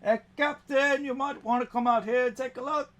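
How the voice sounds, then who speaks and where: Man putting on a high chatty goblin. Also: steady tone, moderate pace, fairly bright tone. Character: excitable male goblin crewman.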